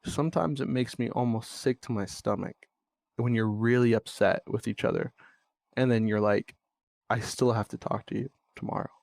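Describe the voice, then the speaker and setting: A man's voice: mid-range voice, normal speed, creaky, darkish tone. A young man talks candidly into the mic in a blunt, exasperated way, cursing often as he vents. His voice sits in an ordinary middle range. The sound is dry and close, with no room echo. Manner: blunt, swears freely, exasperated venting. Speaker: podcast host. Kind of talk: candid monologue.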